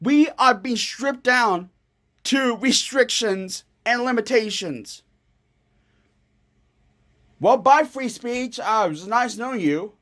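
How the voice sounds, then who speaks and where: A woman's voice: fairly high pitch, animated, a bit bright. A woman ranting angrily to camera in a vlog, swearing often and stumbling over restarts. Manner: angry, profane, halting with restarts. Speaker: vlogger.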